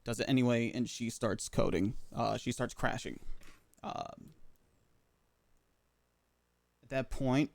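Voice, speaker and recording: A man playing a medic in a roleplay game, recounting events in character, pausing often with fillers as he talks. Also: mid-range voice, gravelly, dry recording. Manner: halting, filler-heavy recounting. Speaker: roleplay medic giving a statement.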